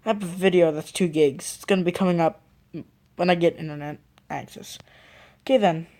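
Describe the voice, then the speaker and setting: A woman's voice: fairly low pitch, a little fast, a little mellow. A woman hosting a reaction video, rambling and thinking aloud with lots of fillers. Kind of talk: casual reaction commentary.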